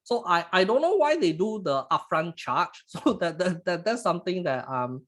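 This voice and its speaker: A man with a Singaporean English accent hosting a casual live trading webinar, halting and repeating words, chatty with "lah" at phrase ends. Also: high-pitched, very animated, a bit bright. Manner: chuckles while talking, snacking between lines.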